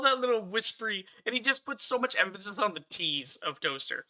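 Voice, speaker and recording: A man's voice: high-pitched, sing-song, brisk, bright, forceful tone. A man streaming a game and chatting casually, laid-back, laughing and swearing as he reacts. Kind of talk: casual gaming reaction chat.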